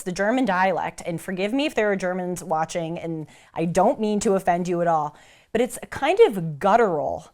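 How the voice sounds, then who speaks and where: A young American woman talking to the camera about travel and history in a chatty, animated way, acting out the voices she quotes. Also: medium pitch. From United States. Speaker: vlogger. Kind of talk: casual talk to camera.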